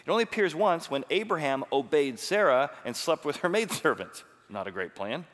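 A pastor gives an animated, conversational sermon and asks his listeners many questions. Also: on the high side, normal speed, hardly any pauses. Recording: long reverb of a large hall.

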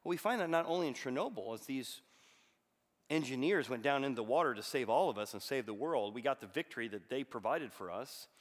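A man preaching a sermon, telling a story and reading scripture aloud with bursts of loud emphasis. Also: medium pitch, animated, a little fast. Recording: long hall reverb.

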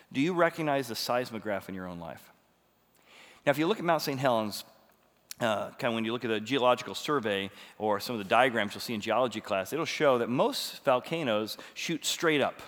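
A middle-aged man preaching with lively, animated storytelling, his voice climbing to near-shouts as he retells his frustration. His voice sits at an average pitch, and the long reverb of a large hall trails behind each phrase. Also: a little fast. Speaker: pastor. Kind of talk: sermon.

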